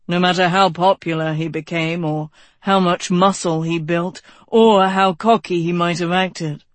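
An audiobook narrator voicing a calm, blunt, world-weary knight who talks dryly and frankly, a bit lower than the narration. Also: no echo, close to an everyday voice. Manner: dry, unhurried, frank.

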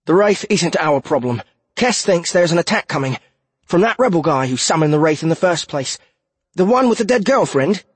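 A man voicing a panicked young male bard who shouts urgent warnings in a high, strained voice. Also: lively intonation, normal speed, husky, no room sound.

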